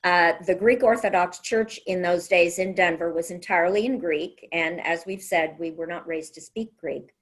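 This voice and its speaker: A woman in her seventies from the United States, a judge telling family stories in an oral history interview with lively, good-humored storytelling. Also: on the low side. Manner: lively storytelling, quick to laugh.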